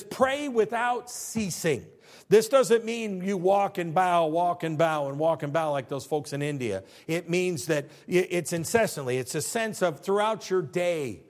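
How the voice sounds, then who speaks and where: High-voiced man preaching with humor. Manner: conversational preaching with jokes and rhetorical questions. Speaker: pastor. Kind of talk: sermon.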